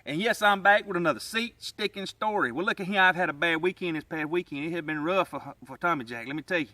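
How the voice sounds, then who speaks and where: A man's voice: a little high, fast, pushed and bright, no echo. A man telling a rhyming comic story in a folksy drawl, as the host of his channel. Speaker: comedy storyteller.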